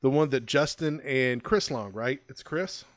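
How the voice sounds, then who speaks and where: A man co-hosting a podcast, chatting through a film review in an easygoing, rambling way and laughing often. His voice sits at a middle pitch for a man. The recording is dry and close, with no room sound. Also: unhurried, dry recording. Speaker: podcast co-host. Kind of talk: casual review chat.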